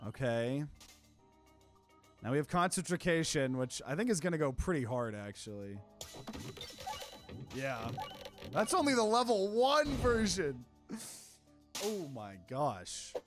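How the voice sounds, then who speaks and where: Animated, excitable let's-play commentator. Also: mid-range voice, slow, long pauses, faint music behind. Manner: excitable, repeats panicked exclamations, swears. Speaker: gamer playing and commenting.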